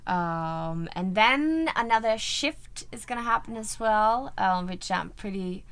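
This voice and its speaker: A woman's voice: medium pitch, animated, measured pace, a bit bright, clean tone. A woman with a European accent, an actress chatting as a guest in an interview, gushing and full of "like" and "you know". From Sweden. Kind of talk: casual interview chat.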